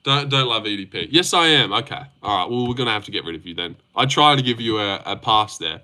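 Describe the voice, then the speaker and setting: Bright-voiced young man on stream. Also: sing-song, fast. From Australia. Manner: teasing, swears freely, jumps up in pitch when mocking. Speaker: livestream host reading chat. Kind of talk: casual live chat about fights.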